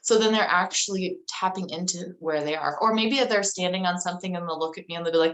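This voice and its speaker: A woman's voice: lowish voice, fast, a bit bright, poor audio. Chatty woman telling stories loosely. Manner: chatty, loose storytelling with frequent 'like' and 'um'. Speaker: guest. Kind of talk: casual conversational interview.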